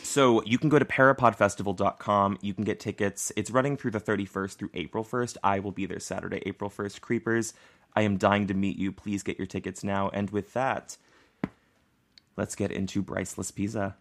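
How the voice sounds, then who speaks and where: A young man co-hosting a podcast, chatting casually and laughing often with animated asides. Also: fairly low pitch, moderate pace. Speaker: podcast co-host. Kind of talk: casual chat.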